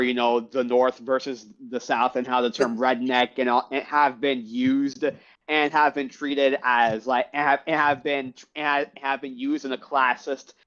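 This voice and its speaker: A man's voice: medium pitch, lo-fi sound. A man in casual chat, agreeing and swearing, stumbling over his words as he starts again. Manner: halting, agreeable, sweary, restarts a lot.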